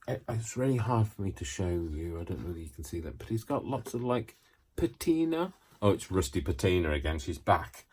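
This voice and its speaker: Seated in his home craft space, a middle-aged man with a low, darkish, husky voice hosts a craft tutorial. He rambles as he works and cracks jokes at his own expense.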